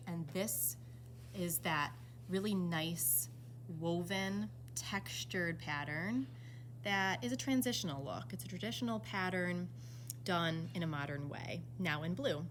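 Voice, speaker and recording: A woman with a somewhat low voice walks through fabric options in an enthusiastic, easygoing way. She sounds like a product presenter. A faint hum of ambience sits behind her. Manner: enthusiastic, relaxed, showing fabric swatches. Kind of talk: product walkthrough.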